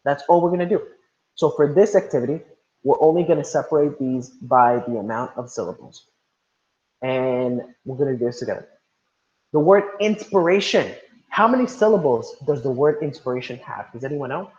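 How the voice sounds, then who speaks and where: A man's voice: medium pitch, animated, moderate pace, darkish tone. A man teaching an online class, repeating instructions and calling on students by name over a video call. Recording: roomy, dull lo-fi sound.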